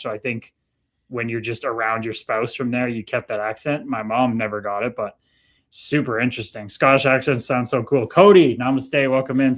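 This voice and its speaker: A man from Canada hosting a casual livestream, chatting easily and reading out viewer comments. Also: mid-range voice. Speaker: livestream host.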